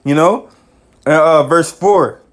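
A man teaching scripture in a casual, excitable way, often adding "man" and "you know", reading verses slowly. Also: a little high. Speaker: bible teacher.

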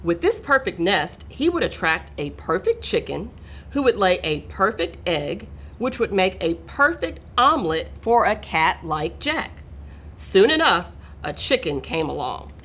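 Woman, middle-aged, children's read-aloud, bright, expressive, unhurried. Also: on the low side. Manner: expressive, talks to young listeners. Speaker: school administrator reading aloud.

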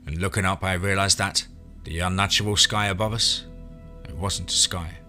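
A man reading a western horror story aloud in first person, steady and dramatic. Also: sits low, moderate pace, faint music behind. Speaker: narrator.

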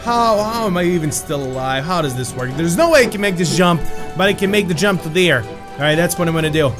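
A young man giving excited gameplay commentary, yelling at his character and then muttering to himself. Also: fairly high pitch, fairly quick, over music. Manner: loud, shouts at his game character; animated, swings from yelling to muttering. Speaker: gaming YouTuber.

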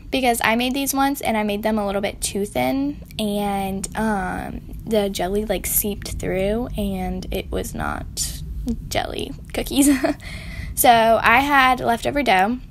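A woman's voice: on the high side, vocal fry, slight background noise. A woman, chatting and giggling as she bakes in her home kitchen for a casual vlog tutorial. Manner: chatty and giggly, talking while she works. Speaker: baking vlogger.

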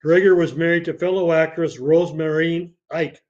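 A man hosting a podcast, reading obituaries with dates and film credits in a steady way, now and then slipping and starting a phrase again. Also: on the high side, moderate pace. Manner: reads dates and credits steadily, with occasional slips and restarts. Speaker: podcast host. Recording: dull lo-fi podcast audio.

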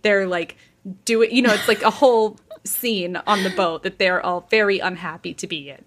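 Speaking at a normal speed in a mid-range voice, this woman shares some gossip on her podcast. She voices the characters' quotes herself and keeps laughing as the story unfolds.

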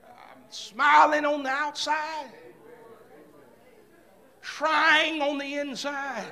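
A man preaching a fervent sermon in a church service, swinging from shouted lines down to hushed ones and calling out "come on" and "amen" between phrases. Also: extremely high pitch, little pitch movement, drawn-out words, gravelly, long pauses.

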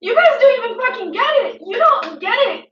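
A woman's voice: very high-pitched, sing-song, brisk, distant mic, a little hiss or hum. A woman playing a dramatic female influencer, ranting emotionally at her critics with repetition and swearing. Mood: defiant. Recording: dull, echoey room, mic set back.

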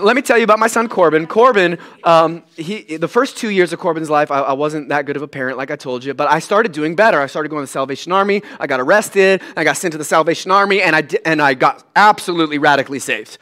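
Man, pastor, sermon, candid, self-deprecating, bright tone, fairly high voice. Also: fast. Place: church sanctuary.

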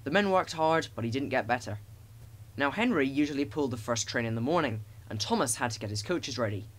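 Animated male storybook narrator. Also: mid-range voice, a little fast. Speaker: audiobook narrator.

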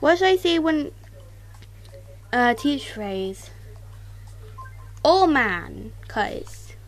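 High, lively woman gaming vlogger. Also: drawn-out words. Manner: excitable, exclaims and mildly swears; talks straight to viewers. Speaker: gaming YouTuber. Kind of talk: casual let's-play commentary. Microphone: tablet.

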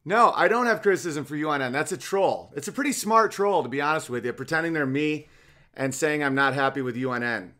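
A man's voice: fairly high pitch, a little fast, pushed and bright. A middle-aged man hosting a casual comedic podcast, firing off sarcastic rhetorical questions. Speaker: podcast host.

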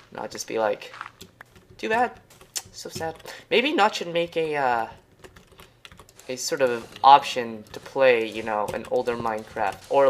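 A man narrating his own gameplay in a crisp, bright voice. He swings between chatty asides and panicked yelps, repeating himself when things go wrong. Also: mid-range voice, slight background noise. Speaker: gaming channel host. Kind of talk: let's play commentary.

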